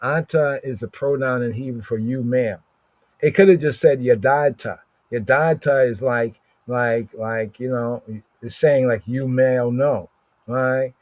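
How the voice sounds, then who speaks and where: A man's voice: mid-range voice, normal speed, a little mellow, no room sound. A man teaching scripture verse by verse, repeating Hebrew words again and again and often asking "right?". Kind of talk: slow verse-by-verse scripture study. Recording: slightly dull lo-fi recording.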